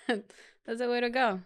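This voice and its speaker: Slow-talking playful woman, smooth voice. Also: a little high, steady tone. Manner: playful, laughs often, insists teasingly. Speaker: podcast co-host. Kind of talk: casual chat. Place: studio.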